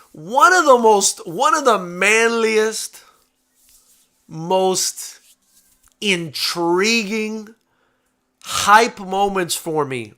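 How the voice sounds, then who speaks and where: A man hosting a live post-fight boxing reaction stream, chatting casually, getting excited and swearing freely. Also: on the high side. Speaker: boxing show host.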